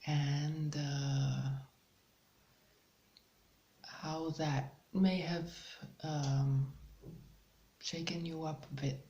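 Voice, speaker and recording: In an easygoing monologue, a spiritual channel host offers guidance in a slightly low, gravelly voice with a level tone. She talks very slowly and hesitantly, with many ums and soft laughs, and the muffled recording carries a noticeable room echo.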